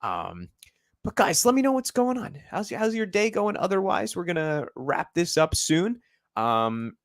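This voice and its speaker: A man's voice: lowish voice, no echo. A young man hosting a football stream, chatting casually and rambling with many fillers. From United States. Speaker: football channel host. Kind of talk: casual live-stream chat.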